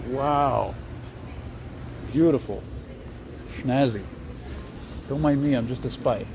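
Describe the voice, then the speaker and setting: Slow and a bit dark in tone, this medium-pitched man rambles chattily on a nighttime city walk for his casual vlog, easily amused along the way. The handheld camera mic catches traffic noise all around on the noisy outdoor streets.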